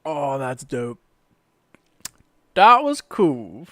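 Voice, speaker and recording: A man's voice: fairly high pitch, normal speed, long pauses, a little hiss or hum, poor audio. A man with a Southern US accent chatting casually while reacting live to horror videos and reading their text aloud. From Mississippi. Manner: chatty, laughs often, reads on-screen text aloud.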